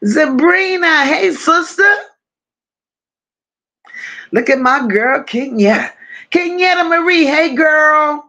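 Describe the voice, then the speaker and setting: A woman hosting a casual livestream, greeting her chat one by one with drawling, affectionate shout-outs. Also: sits high, expressive, takes it slowly, long pauses. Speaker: livestream host.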